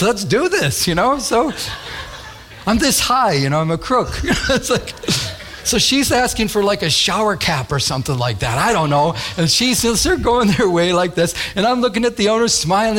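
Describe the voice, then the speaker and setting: A man preaching a sermon, telling a childhood story in an animated way and acting out the voices. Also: high voice. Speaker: pastor.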